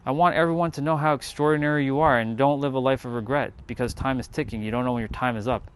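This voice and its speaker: A man's voice: medium pitch, steady tone, fast talker, clean tone. A man speaking to his live-stream viewers in a casual motivational monologue, earnest and blunt, swearing freely and repeating words for emphasis.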